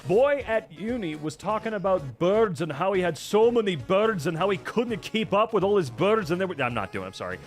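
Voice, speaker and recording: A man riffs through a reaction stream in a lively, swooping voice that sits a little high for a guy. His delivery is sarcastic and profane, full of mock outrage, with faint music behind him. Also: fairly quick, hardly any pauses. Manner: animated, profane, sarcastic rants. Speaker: VTuber streamer reacting to posts. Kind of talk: casual reaction commentary.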